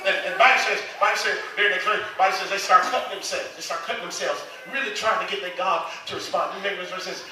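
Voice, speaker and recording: A man preaching a sermon as pastor, calling out questions for the congregation to answer and shouting at the peaks. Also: high voice, fast talker, few pauses. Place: large church hall with congregation. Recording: echoey hall from far off, crowd noise.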